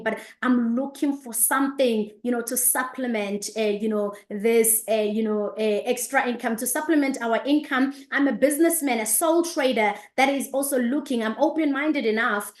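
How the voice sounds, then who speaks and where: A woman in her thirties hosting an online business session, greeting viewers by name and place with lively enthusiasm. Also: on the high side, normal speed, few pauses. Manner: energetic, repeats greetings, reads out viewers' locations. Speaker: host of an online business presentation. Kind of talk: upbeat live-stream greeting and presentation. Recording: echoey room.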